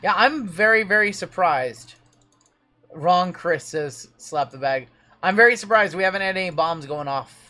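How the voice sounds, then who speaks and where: A man's voice: sits high, sharp tone. Chatty man hosting a card break stream. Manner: chatty, reading name lists quickly.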